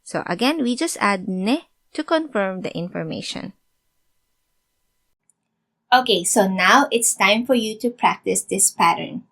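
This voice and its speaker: A woman teacher explaining grammar clearly and patiently, working through example sentences. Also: medium pitch, lively intonation, measured pace, long pauses, a bit bright, no room sound. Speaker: language teacher.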